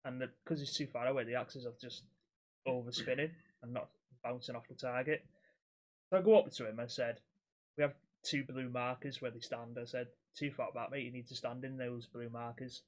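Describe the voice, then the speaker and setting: A young man chats on a podcast in a blunt, sweary storytelling way. His voice sits at an ordinary middle pitch, neither deep nor high. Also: fairly even intonation, brisk. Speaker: podcast co-host and axe-throwing instructor. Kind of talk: casual chat.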